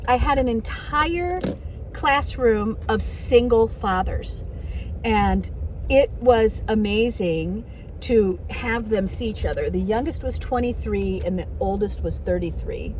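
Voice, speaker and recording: A woman chatting casually for her vlog from her car, excitable and rambling, with lots of fillers as she shows what she has picked up. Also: medium pitch, slight background noise. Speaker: vlogger. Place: in a parked car.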